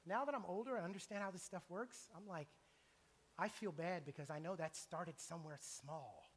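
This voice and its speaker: A middle-aged man preaching a sermon in a church, animated and acting out the voices he quotes. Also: high voice, normal speed, slightly rough. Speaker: pastor. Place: church sanctuary. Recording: long church reverb.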